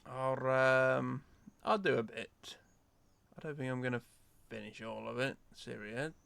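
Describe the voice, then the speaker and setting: A man giving relaxed, offhand commentary while streaming a game. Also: mid-range voice, a little slow, creaky, smooth, dry recording. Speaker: gameplay streamer. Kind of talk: casual gameplay commentary.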